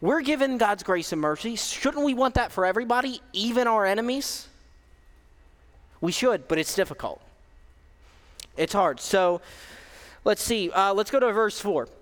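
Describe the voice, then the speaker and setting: Young male preacher, high voice, casual sermon delivery with fillers, reverberant hall. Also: lively intonation, moderate pace, long pauses, fairly bright tone. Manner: conversational, self-deprecating, frequent fillers and restarts.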